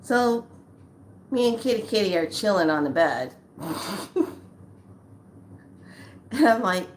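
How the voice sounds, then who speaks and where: A woman vlogger telling a spiritual story in a casual way, acting out quoted lines with lively rises in pitch. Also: slow pace, long pauses, a little hiss or hum. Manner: animated, acts out quotes with rising pitch.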